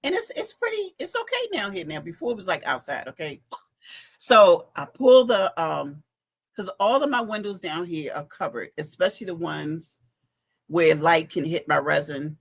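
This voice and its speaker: A middle-aged woman with a low-leaning, breathy-edged voice speaks very animatedly at a moderate pace. A fashion week organizer giving a live update, she chats with viewers on a casual livestream from her home basement, talking into a phone.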